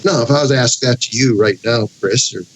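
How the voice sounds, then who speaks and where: A man, a guest pastor, explaining scripture in an animated, conversational way and reading passages aloud with emphatic expression. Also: mid-range voice, brisk, a little hiss or hum, poor audio. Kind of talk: conversational Bible teaching.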